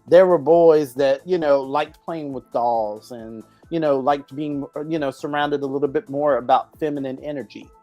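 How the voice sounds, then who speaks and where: A woman's voice: rumbling low, fairly even intonation, normal speed, hardly any pauses, darkish tone, no echo, lo-fi sound, faint music behind. A woman co-hosting a casual talk show, ranting bluntly and with profanity about the news. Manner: ranty, blunt and profane, laughs easily. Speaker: podcast co-host. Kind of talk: casual opinionated chat.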